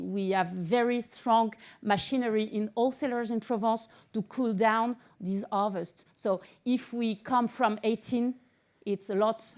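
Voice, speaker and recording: A French-speaking woman talks on a panel as an agronomist, at a middle pitch. She explains in halting English, stops often with "uh," and searches for words. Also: a little mellow. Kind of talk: panel talk.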